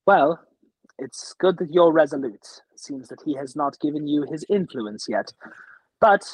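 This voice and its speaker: A man voicing an old female dragon who speaks with gracious, measured warnings. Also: mid-range voice, no room sound, rough recording. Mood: grave.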